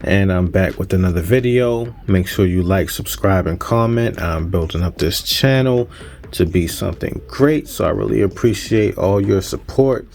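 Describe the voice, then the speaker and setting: A man's voice: deep voice, normal speed, gravelly, a little mellow, a little hiss or hum. A man in his thirties, a music producer hosting a casual gear-unboxing vlog, upbeat and chatty as he plugs his channel.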